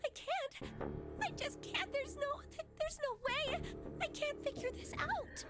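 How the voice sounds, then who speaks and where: A woman's voice: very high-pitched, a little slow, sharp tone, soft background music, heavily acted. A woman voicing a terrified, trapped young girl in a video game, with a tearful, pleading delivery. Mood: frightened.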